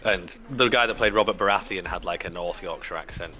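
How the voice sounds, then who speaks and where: A man's voice: low voice, brisk, pushed and bright. A man, streaming and chatting casually, rambling with lots of fillers and the odd swear. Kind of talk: casual chat.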